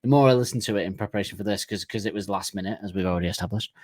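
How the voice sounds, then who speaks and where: A man's voice: on the low side, very fast, a little mellow, no room sound, studio quality. A man co-hosting a podcast in casual chat, joking and rambling with the odd swear. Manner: jokey, rambling, swearing, bursts into silly sung voices. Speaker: podcast co-host.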